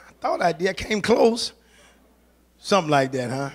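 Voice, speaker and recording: A man's voice: fairly high pitch, animated, moderate pace. A man preaching a sermon, urging the congregation on in a fervent, colloquial way and repeating phrases for emphasis.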